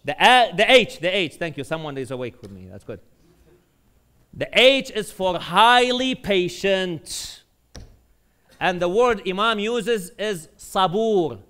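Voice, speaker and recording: A man preaching a mosque sermon in a notably high voice. He tells stories with rising, loud peaks, then sinks to low, quiet emphasis when he drives a point home. His pace shifts between slow, stretched words and quick runs. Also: animated. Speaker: imam.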